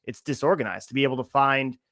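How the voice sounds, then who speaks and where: A man hosting a casual interview, giving his opinions in quick bursts. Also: mid-range voice, fairly bright tone, no room sound, clean studio sound. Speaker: podcast host.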